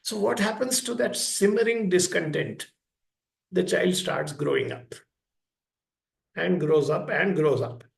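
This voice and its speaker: A man's voice: sits high, a little slow, vocal fry, long pauses. A man giving a public talk at a school, telling stories and acting out the voices of parents and children. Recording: echoey hall.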